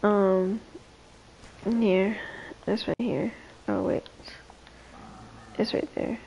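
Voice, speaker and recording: Sleepy, gravelly young woman streaming. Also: fairly even intonation, warm tone, dull audio, slight background noise. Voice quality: low gravelly voice tonight. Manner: drowsy, slow, trailing off. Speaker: livestreamer. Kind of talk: casual late-night stream chat.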